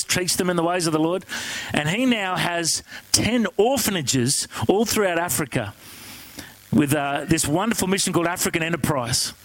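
Man, preacher, high voice, dry close sound, animated storytelling. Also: normal speed, no room sound, low-quality recording. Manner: animated, conversational, asks the congregation questions. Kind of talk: sermon storytelling.

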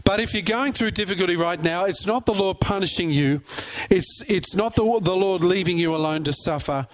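A man preaching with a high, bright-sitting voice. He tells stories with animation and keeps firing questions at his listeners. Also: moderate pace, faint music behind. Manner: animated storyteller, asks the crowd questions. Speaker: pastor. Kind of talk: sermon.

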